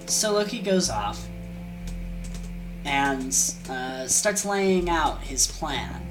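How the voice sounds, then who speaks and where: A woman's voice: low voice, lively intonation, drawn-out words, long pauses, music in the background. A woman casually retelling an old myth, rambling with fillers, asides and slang. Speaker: storyteller.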